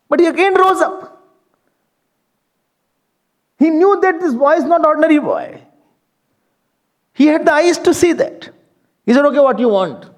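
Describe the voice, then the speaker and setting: A man telling a devotional story as a spiritual teacher, animated and acting out his characters' lines. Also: very high voice.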